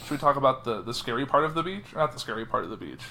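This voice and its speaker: A man's voice: mid-range voice, rapid-fire, slight background noise. A young man co-hosting a podcast in casual chat, recounting a trip and acting out his own remarks. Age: young adult. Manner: animated, acts out what he said in the moment. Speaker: podcast co-host.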